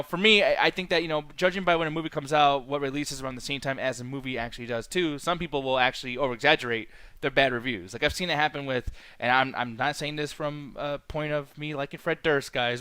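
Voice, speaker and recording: A young man talks fast in a loose, rambling podcast chat, swearing freely and tripping over his restarts. His voice sits slightly high for a man and sounds close and dry, with no room around it. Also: a bit bright, clear, resonant tone, no echo. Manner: rambling, profane, quick, with acted quotes. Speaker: podcast co-host. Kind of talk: casual review chat.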